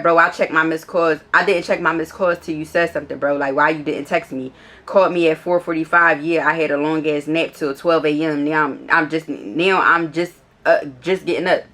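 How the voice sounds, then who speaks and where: A woman's voice: sits low, fairly bright tone. Blunt, profane woman telling a storytime. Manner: blunt, profane, retells text messages back and forth; exasperated, incredulous storytelling. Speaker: vlogger. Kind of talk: casual storytime vlog.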